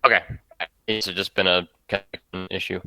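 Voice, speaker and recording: A man's voice: low-pitched, level tone, moderate pace, sharp tone, no room sound. A man playing in an online tabletop game, talking plainly about his character's next move. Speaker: player. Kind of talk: casual game talk over a voice call.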